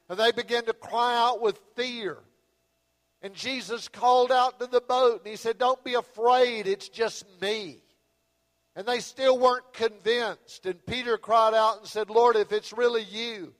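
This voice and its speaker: Male pastor, high voice, animated storyteller preaching from the pulpit; reverberant hall sound. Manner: storytelling, acts out Bible scenes with rising and falling intensity. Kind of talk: sermon.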